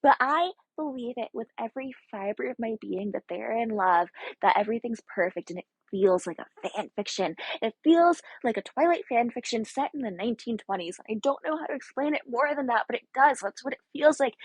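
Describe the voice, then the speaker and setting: Husky-voiced young woman chatting casually. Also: fairly high pitch, animated, fairly quick, dry recording. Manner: chatty, rambling, heavy with fillers and asides. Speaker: video essayist. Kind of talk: casual chat.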